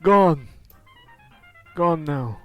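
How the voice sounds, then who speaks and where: A man doing a halting old night manager. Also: fairly high pitch, expressive, faint music behind, pitched above the performer's own voice. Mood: evasive. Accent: unplaceable, faintly Eastern European put-on. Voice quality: halting, hesitant. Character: troubled old male hotel night manager, evasive.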